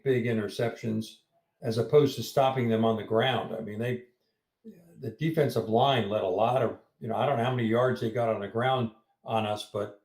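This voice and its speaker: Mid-pitch guy, echoey room, hesitant sports chat full of uhs. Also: darkish tone. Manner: hesitant, filler-heavy. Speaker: podcast co-host. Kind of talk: casual post-game sports chat.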